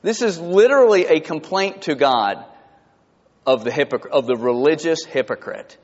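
Animated male pastor, echoing church. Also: normal speed. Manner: animated, rising to high emphatic peaks. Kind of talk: sermon. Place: church sanctuary. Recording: dull sound with long hall reverb.

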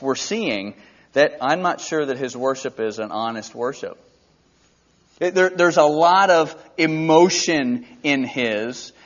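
A man's voice: a little high, lo-fi sound. A man preaching an expository Bible teaching in a conversational way, briefly acting out the characters' lines.

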